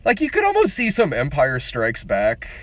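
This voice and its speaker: A man reviewing a film in loose, casual conversation, his pitch swinging widely as he gets animated. He swears freely and breaks into laughter often. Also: normal speed, no echo. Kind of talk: casual movie review chat.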